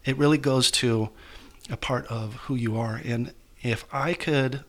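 A man being interviewed as an author, telling a painful personal story in a halting, emotional way with many restarts. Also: mid-range voice, steady tone. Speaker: guest author.

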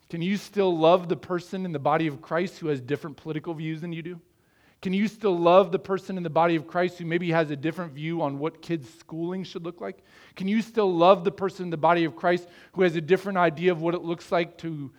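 A middle-aged man from the American Midwest preaching a sermon, earnest and conversational, asking his listeners questions. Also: a little high. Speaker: pastor.

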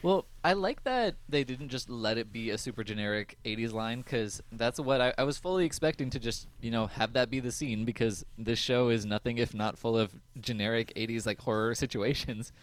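A podcast co-host casually recaps an episode, joking, laughing often and acting out quotes. He speaks in a mid-range voice, fairly quickly and with few pauses.

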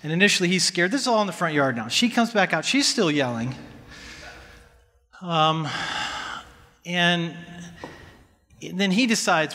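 A man's voice: a little high, lively intonation, normal speed, bright, forceful tone. A man earnestly telling a personal story in a casual, conversational way, acting out what he and others said. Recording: long hall reverb.

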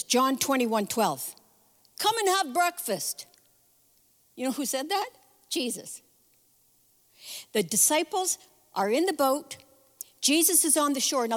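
Woman preaching, kinda high voice, acts out the voices as she tells it, long echo in a church hall. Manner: animated storytelling, acting out voices in the story. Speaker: speaker at a church women's event. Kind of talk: conversational sermon.

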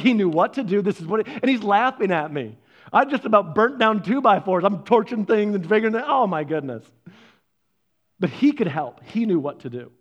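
A man's voice: high-pitched, dull audio. A man preaching a sermon, telling personal stories and acting out his own reactions. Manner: animated storyteller, acts out his own reactions. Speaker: pastor.

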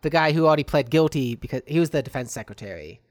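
A man's voice: fairly high pitch, expressive, fast talker, no echo, clean studio sound. A man co-hosting a comedy podcast, talking casually and animatedly, explaining things and joking at his own expense. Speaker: podcast co-host.

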